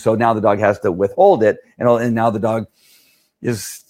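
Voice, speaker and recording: A man, a dog trainer, talks loosely and at length in a lowish voice. He wanders through his points, repeats himself and keeps checking in with "right?". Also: little pitch movement, moderate pace, darkish tone. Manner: rambling, repeats "right?" often. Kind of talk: casual explanatory talk.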